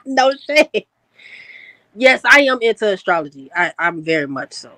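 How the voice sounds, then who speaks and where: A woman chatting casually in an online group talk, expressive and teasing. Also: sits high, slow, no room sound, rough recording.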